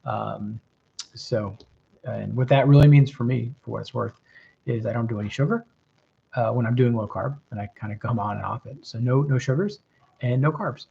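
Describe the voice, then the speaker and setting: A middle-aged man from the American South with a mild Southern accent, hosting a livestream and answering viewer questions in a relaxed, reflective way. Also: mid-range voice, moderate pace, creaky, a little hiss or hum. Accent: metropolitan Southern American, mild. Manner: relaxed, reflective, many ums and rights. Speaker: host giving advice, reading viewer questions. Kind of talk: casual livestream chat. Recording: slightly dull lo-fi stream audio.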